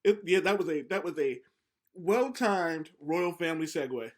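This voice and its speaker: Young male podcast co-host, casual and profane, slightly high voice, animated storyteller. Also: normal speed.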